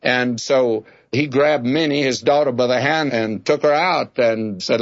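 A man's voice: medium pitch, unhurried, muffled recording. Folksy man preaching a sermon. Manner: folksy, tells homespun anecdotes; plainspoken, addresses listeners as friends. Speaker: Bible teacher. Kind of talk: radio Bible teaching sermon.

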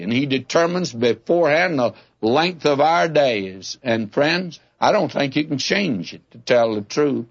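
A man preaches a Bible sermon in a folksy, plainspoken style, calling his listeners friends and sharing homespun anecdotes. His voice is a little high and husky, and the audio sounds dull.

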